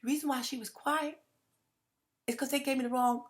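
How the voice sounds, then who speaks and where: Animated, rambling woman vlogger. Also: high-pitched, fairly quick, pauses often. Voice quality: animated, laughing, swinging from loud to hushed. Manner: rambling with restarts and repeats; blunt, curses freely. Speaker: vlogger addressing viewers. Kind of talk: casual direct-to-camera monologue.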